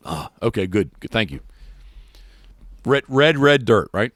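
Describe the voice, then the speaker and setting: Deep-voiced rambling male podcast host. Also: very animated, measured pace, pauses often, fairly bright tone, dry recording, studio quality. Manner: rambling, many restarts and fillers. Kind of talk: casual chat.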